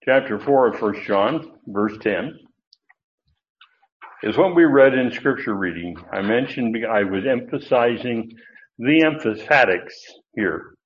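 A man's voice: mid-range voice, lively intonation, takes it slowly, dull audio. An older man preaching an expository sermon in a folksy, digressive way, with many restarts and asides. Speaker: pastor.

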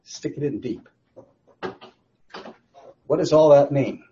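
A man's voice: mid-range voice, slow, dark tone, muffled recording, a little hiss or hum. A man teaching a conversational Bible study. He speaks emphatically, asks rhetorical questions and repeats phrases for stress.

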